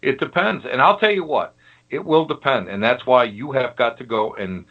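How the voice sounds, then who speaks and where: A man, a guest on a paranormal talk show, telling his stories in an animated, emphatic casual chat. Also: mid-range voice, moderate pace, dull audio.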